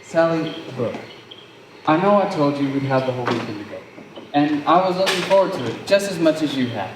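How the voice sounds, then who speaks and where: A teenage actor brings a fast-talking, sardonic young man full of big words. He sounds distant and roomy on a school stage, with a faint hiss behind. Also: on the high side, expressive, natural voice. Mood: insistent. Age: teens. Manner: wordy, sardonic, theatrical. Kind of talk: high school stage play.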